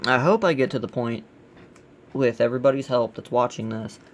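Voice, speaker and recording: Gravelly man grumbling through a game. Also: medium pitch, a little fast. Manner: blunt, grumbling critique. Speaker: gaming channel host. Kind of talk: casual let's play commentary.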